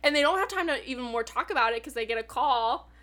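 A woman co-hosting a podcast, recapping a book in casual chat, with lots of "like", quick laughs and casual swearing. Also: high voice, animated, pushed and bright. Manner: retells scenes with lots of "like" and acted quotes. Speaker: podcast co-host.

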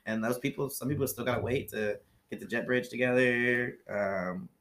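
A former flight attendant from Ohio, USA, this man tells rambling stories in casual chat packed with fillers. His mid-range voice moves at a moderate pace and has a fairly bright tone.

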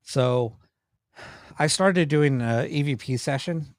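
A man's voice: on the high side, takes it slowly, no room sound, clean studio sound. A man, a paranormal investigator and cameraman, telling stories in a casual, rambling way with many restarts. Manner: animated, rambling, with frequent restarts. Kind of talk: casual storytelling in a podcast interview.

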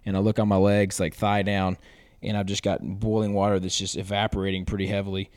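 A lower-voiced young man tells his story casually as a podcast guest. He is animated and acts out what people said in a loud voice. The sound is dry and close. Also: fast talker, no echo.

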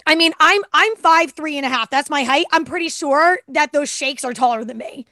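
A woman's voice: high voice, moderate pace, bright, forceful tone, no room sound, studio quality. A woman co-hosting a podcast in casual, enthusiastic chat, often tripping over her words. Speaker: podcast co-host.

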